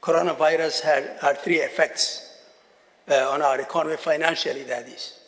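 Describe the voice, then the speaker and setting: A man, a government minister, giving a formal conference speech, measured and repeating key phrases for emphasis. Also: on the high side, steady tone, fairly bright tone. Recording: long reverb of a large hall.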